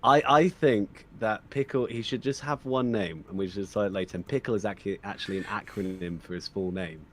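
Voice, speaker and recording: Eager lower-voiced man. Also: fairly quick. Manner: eager, proposing ideas with restarts. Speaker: player. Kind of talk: casual tabletop game chat.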